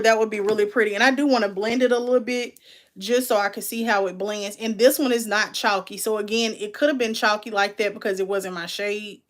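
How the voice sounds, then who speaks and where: Chatty woman reviewing makeup. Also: medium pitch. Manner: chatty, candid, calls viewers baby and y'all. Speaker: beauty vlogger. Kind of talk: casual product unboxing review.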